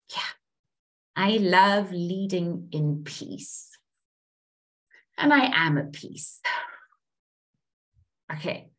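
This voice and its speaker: Woman coach for guided tapping affirmations; unhurried, singsong delivery. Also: fairly low pitch. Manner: slow, repetitive, affirming chant-like phrasing. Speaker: group coach leading a tapping exercise.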